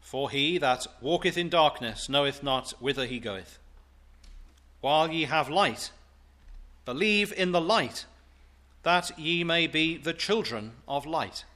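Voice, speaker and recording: Slow, bright-voiced preacher, a man. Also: on the high side, animated. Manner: slow, solemn, deliberate delivery. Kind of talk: scripture reading and sermon.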